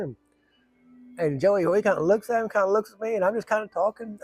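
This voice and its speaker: A man casually telling a long story, rambling and colloquial, with rough language. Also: high voice, a little fast, darkish tone, no room sound, faint music behind.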